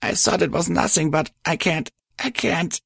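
A man voicing a grieving, withdrawn young female pony with a hoarse, raspy voice, speaking softly and haltingly. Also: a little high, lively intonation, no echo, studio quality, pitched above the performer's own voice, heavily acted. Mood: tearful. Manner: soft, tearful, halting.

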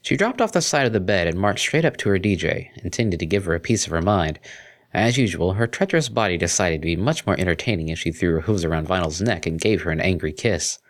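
A man narrating a fan fiction story aloud in an expressive storytelling manner. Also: low voice, quick pace. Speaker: story reader.

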